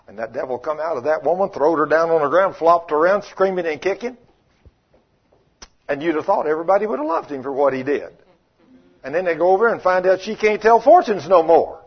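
Husky preacher, folksy storyteller. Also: male voice, on the high side, lively intonation, fairly quick. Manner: folksy, acts out quoted voices, shifts between loud rebukes and quiet asides. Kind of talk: sermon with storytelling. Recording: muffled lo-fi sermon recording.

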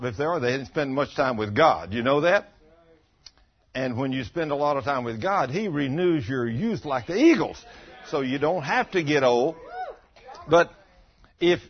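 Older guy in his 60s preaching, husky, voice swings up and down a lot, kinda muffled lo-fi recording. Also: on the high side. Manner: animated storytelling, acting out quotes. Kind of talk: folksy sermon testimony.

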